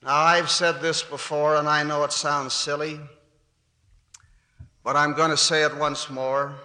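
Slow, bright-voiced older man preaching. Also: fairly high pitch. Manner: earnest, with wry humorous asides. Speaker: church speaker. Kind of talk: sermon. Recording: echoey hall.

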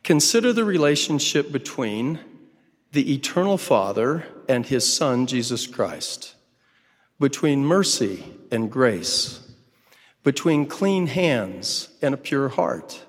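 Measured male preacher in a reverberant hall. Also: mid-range voice, sing-song. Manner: measured, emphatic delivery with deliberate lists. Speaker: church speaker. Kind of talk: sermon.

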